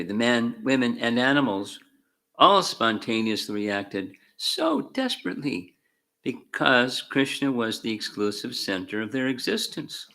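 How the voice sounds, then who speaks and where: A man reading scripture aloud in short deliberate phrases, calling out verse numbers and adding his own commentary with dry asides. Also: medium pitch, bright, forceful tone. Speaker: spiritual teacher.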